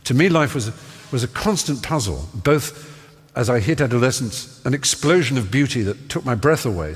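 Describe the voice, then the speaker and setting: A man's voice: mid-range voice, breathy edge. A middle-aged man from Norfolk, a guest telling stories in a live stage interview with ornate, playful wording and many fillers. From Norfolk, England. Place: large theatre stage. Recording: live theatre hall reverb, faint hiss.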